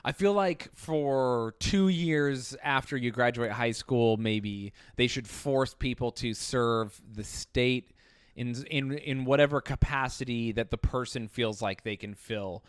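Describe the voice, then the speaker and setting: A man in an easygoing podcast chat, his voice springing up in pitch when he gets excited, laughing between facts, recorded dry and close with no room sound. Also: smooth, dry recording. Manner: animated, laughing, quick to lecture on history. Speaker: podcast co-host.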